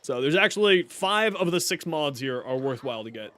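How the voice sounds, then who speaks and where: A man's voice: fairly high pitch, lively intonation, brisk, a bit bright. A male streamer giving casual gameplay commentary, a chatty storyteller who laughs often, talking into a desk mic.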